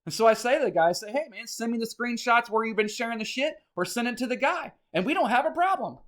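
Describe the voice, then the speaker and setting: Agitated rambling man, higher voice. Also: animated, quick pace, fairly bright tone. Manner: agitated, rambling, swears often. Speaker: vlogger. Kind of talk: casual ranting monologue.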